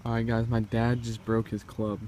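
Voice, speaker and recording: A young man vlogging casually with his dad on a golf course, playful and quick to laugh. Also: medium pitch, monotone, darkish tone. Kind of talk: casual vlog chat. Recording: outdoor ambient noise.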